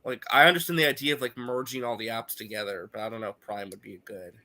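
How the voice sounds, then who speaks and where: A man's voice: medium pitch, fast. Congested man joking on a live stream. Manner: joking, animated, swears casually. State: congested from a cold. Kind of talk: casual live reaction chat.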